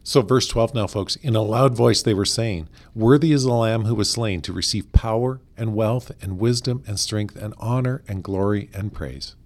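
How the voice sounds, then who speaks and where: Man, co-host, scripture reading, cheerful, agreeable, low-pitched. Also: moderate pace, few pauses, darkish tone. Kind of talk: reading scripture aloud in casual chat.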